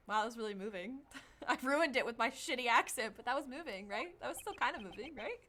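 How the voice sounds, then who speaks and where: Young female streamer, excitable commentary, bright tone. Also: on the high side, fast. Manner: chatty, excitable reactions. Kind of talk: gaming let's-play commentary. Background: faint music.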